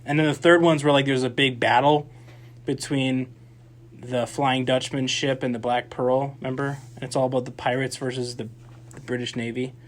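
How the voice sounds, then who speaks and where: A man's voice: medium pitch, little pitch movement, moderate pace. A young man co-hosting a campus radio movie talk show, rambling and restarting his sentences. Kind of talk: casual chat.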